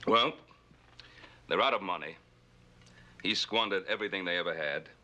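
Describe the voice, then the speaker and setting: A man's voice: sits low, moderate pace, pushed and bright. An actor playing a stern older rancher and father of grown sons, speaking earnestly in a 1960s television western.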